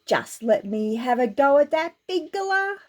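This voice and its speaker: A woman's voice: sits high, big pitch swings, a little slow. A woman doing a brash young Aussie lad with an Australian accent. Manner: brash, slangy, cocky.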